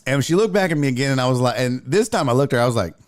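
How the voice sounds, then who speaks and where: Animated profane male storyteller. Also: medium pitch, very fast. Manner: animated, profane, voices people in his stories. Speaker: podcast host. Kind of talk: casual comedic storytelling.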